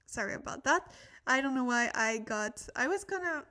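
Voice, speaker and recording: A young Korean-language livestream host, a little tired, teaches casually while chatting, thanking viewers, and laughing at her own slips. Her voice is high and pushed, bright, with lively intonation at a moderate pace.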